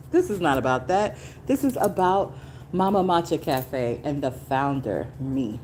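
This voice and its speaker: A middle-aged woman hosting a casual solo podcast, talking emphatically and swinging from low asides to high exclamations. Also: expressive, a little slow, a little mellow, a little hiss or hum, rough recording. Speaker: podcast host.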